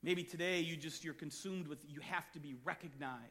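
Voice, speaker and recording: A man preaching a sermon as pastor, reading scripture and telling stories, rising to shouts at times. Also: fairly high pitch, normal speed.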